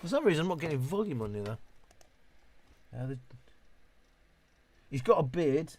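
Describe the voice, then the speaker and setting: A man's voice: fairly high pitch, very animated, moderate pace, a little mellow, no echo. Chatty British man in his fifties. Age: 50s. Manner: chatty, rambling, swears freely, reads chat aloud. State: tipsy. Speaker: live streamer. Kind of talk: casual live-stream chat reading comments.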